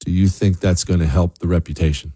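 A man's voice: deep voice, fairly even intonation, fairly quick, warm tone, husky. A man hosting an opinion monologue, preachy and emphatic, often restarting his words. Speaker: commentary host.

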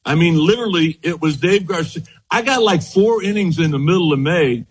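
A former baseball pitcher appears as a guest, an older man whose husky, slightly breathy voice sits a little high for a man. He reminisces briskly and energetically, laughing often and repeatedly saying "as you know" to his host. The audio is poor.

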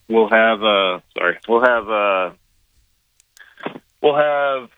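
A man, a guest calling in by phone, who talks in a halting, hesitant way. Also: medium pitch, dry recording. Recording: tinny phone line.

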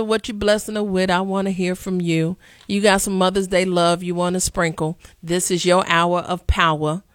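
A woman radio host talks to her listeners in a relaxed, teasing way, often breaking into laughter. Her voice sits a little low, and it sounds dry and close with no room around it. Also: dry recording. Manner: playful, chatty, laughs often. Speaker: radio talk show host. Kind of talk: casual radio chat.

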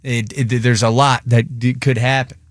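A man's voice: mid-range voice, little pitch movement, moderate pace, dry recording, studio quality. A man hosting a radio show, talking sports in a casual, joking, rambling way.

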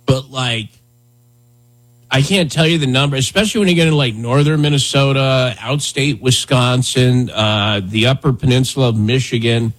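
A male talk radio host chats loosely and wanders through his thoughts, full of ums and restarts. His voice is husky and sits at an everyday middle pitch. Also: moderate pace. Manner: rambling, conversational, lots of fillers. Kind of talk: casual talk radio chat.

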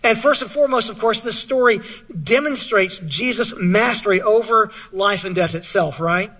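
Husky bright-voiced preacher man. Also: sits high, normal speed. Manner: earnest, asks the audience questions, reads scripture aloud. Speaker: pastor. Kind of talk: sermon.

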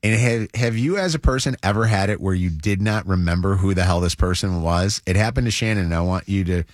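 A man's voice: low-pitched, a little fast, no room sound, clean studio sound. A man hosting a morning radio show, chatting casually and giving listeners ways to call in. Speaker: radio host.

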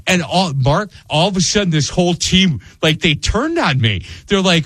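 A man's voice: sits high, normal speed, no room sound. A middle-aged man hosting a radio interview show, telling stories animatedly. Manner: animated storyteller, acts out voices in anecdotes.

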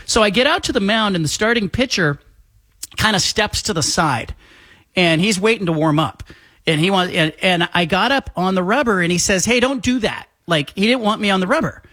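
A man with a notably high voice spins an animated story as a talk-show guest, slipping in the voices of the people he quotes. The sound is dry and close, with no room around it. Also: fairly quick, dry recording. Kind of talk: casual storytelling.

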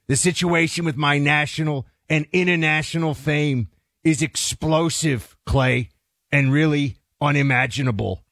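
A man co-hosting a political talk show, speaking indignantly, with his voice climbing high as he gets worked up. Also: a little slow, fairly bright tone, no echo, clean studio sound. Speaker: talk radio co-host.

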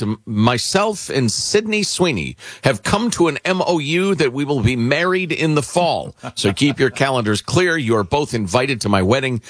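Male radio host, husky and lively, dry close studio sound, wry mailbag reader. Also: mid-range voice, no echo. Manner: wry, sarcastic asides. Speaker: radio talk show host. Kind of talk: casual talk radio, reading listener mail. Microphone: studio mic.

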